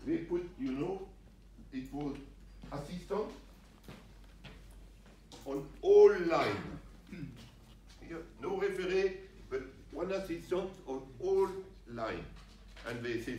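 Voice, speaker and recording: An older man from France with a French accent, giving an animated, jokey talk to referees in broken English. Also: on the high side, slow, long pauses, a little hiss or hum. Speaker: guest speaker. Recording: roomy sound from a distance, faint ambience.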